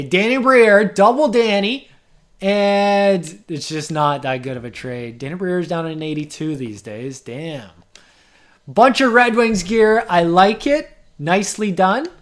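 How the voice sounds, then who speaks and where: A man giving casual gameplay commentary, excitable, swearing and exclaiming, chatting to the players on screen. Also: on the high side. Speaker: gaming video host.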